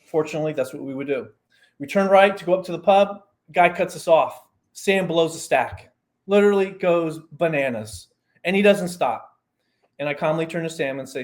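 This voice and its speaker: Aussie coach guy chatting on a podcast, bit higher voice, tells stories with lots of asides. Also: moderate pace. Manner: animated storyteller, explains with examples and asides. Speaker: performance coach guest. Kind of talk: casual podcast conversation.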